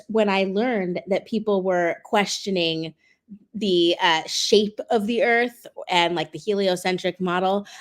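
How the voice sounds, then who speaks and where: A chatty woman in her thirties talks as a guest on a livestream. Her voice sits at a middle pitch, and she tells her stories in an animated, easy way. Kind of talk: casual interview chat.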